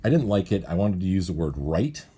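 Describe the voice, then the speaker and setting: A man's voice: deep voice, sing-song, brisk, warm tone, breathy edge. A male cartoonist casually walks through how he writes his gags, thinking aloud and often correcting himself. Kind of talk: casual walkthrough of his writing process.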